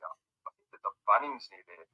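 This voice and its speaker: A man voicing a laid-back Australian starship computer in a comedy parody dub, drawling and unhurried. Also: no room sound, dull audio, lightly acted. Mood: casual. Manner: easygoing, drawling and comically unhurried.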